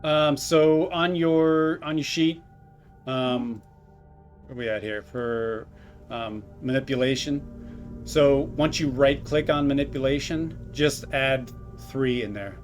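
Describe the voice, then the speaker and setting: A man's voice: medium pitch, slow, faint music behind. A man running a tabletop horror game, describing scenes in a rambling way with frequent restarts. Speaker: game master.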